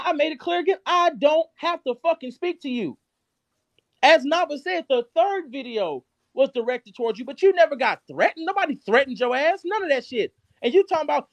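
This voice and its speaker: A man hosting a live stream, ranting angrily and cursing constantly, his loudness jumping up and down. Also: very high voice, big pitch swings, fairly quick, no echo, muffled recording. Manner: heated, profane, cursing constantly; shifts abruptly between loud and quiet. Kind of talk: angry rant on a live stream.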